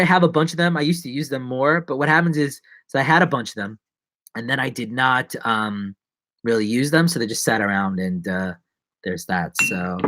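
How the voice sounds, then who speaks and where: A man's voice: mid-range voice, pushed and bright, no room sound. Rambling man chatting on a live stream. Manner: rambling, self-mocking, many restarts and asides. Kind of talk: casual live-stream chat.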